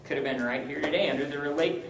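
A man's voice: a little high, fast talker, far from the mic. Upbeat young man teaching a group, roomy sound. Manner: upbeat, joking, animated. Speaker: campus ministry speaker. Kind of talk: informal teaching talk. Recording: roomy, from the mic, faint hum.

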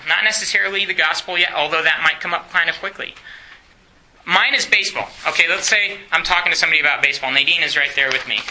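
A man's voice: on the high side, pushed and bright, poor audio. A man teaching a church class in a chatty way, often asking the room questions and laughing.

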